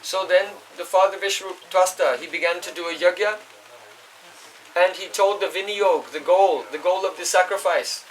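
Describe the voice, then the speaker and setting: A man's voice: high-pitched, normal speed. A man giving a scripture class, explaining at length, chanting Sanskrit verses and checking in with his listeners. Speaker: spiritual teacher. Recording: voice distant from the mic.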